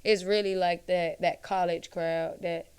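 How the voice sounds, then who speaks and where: A woman's voice: fairly low pitch, a little slow, clear, resonant tone. A young woman barber, telling stories in casual conversation and acting out her clients' lines. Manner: animated storytelling, acts out clients' lines.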